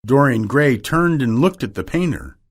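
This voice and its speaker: A man narrating a classic novel as an audiobook for English learners, reading in a clear, deliberate way. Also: medium pitch, very animated.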